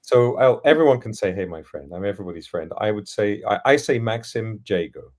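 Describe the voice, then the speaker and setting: A man guesting on a podcast interview, relaxed and friendly, joking easily. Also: fairly low pitch, quick pace.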